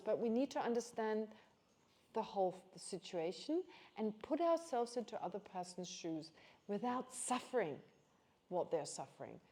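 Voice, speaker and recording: A woman teaches in a relaxed, conversational way, slipping into stories and quoted lines. Her tone is mellow and soft-edged, yet her pitch swings widely and animatedly. It sounds like a teaching session in a nunnery hall. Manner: chatty, animated storytelling with quoted voices. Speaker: Buddhist teacher. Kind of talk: casual teaching talk.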